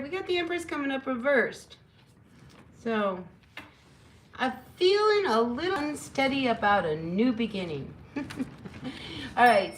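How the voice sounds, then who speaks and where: A woman's voice: fairly high pitch, a little hiss or hum, rough recording. A woman giving a casual spoken tarot reading, chatty and encouraging, rambling with lots of fillers. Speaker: tarot reader.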